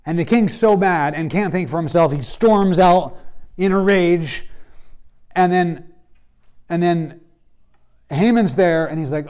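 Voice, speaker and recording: Casual, high-voiced male Bible teacher. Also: unhurried, darkish tone, clean tone. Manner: casual, storytelling, acts out characters' lines. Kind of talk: classroom lecture. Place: classroom.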